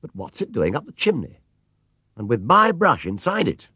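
A man's voice: mid-range voice, wildly swooping pitch, normal speed, pushed and bright, slightly rough, no echo, pitched above the performer's own voice, heavily acted. A man voicing a mild, puzzled middle-aged father who talks hesitantly.

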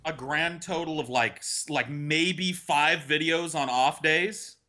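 A man's voice: fairly high pitch, slow, pushed and bright. A man on a casual podcast, joining the banter in a sheepish, playfully defensive way. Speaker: podcast regular.

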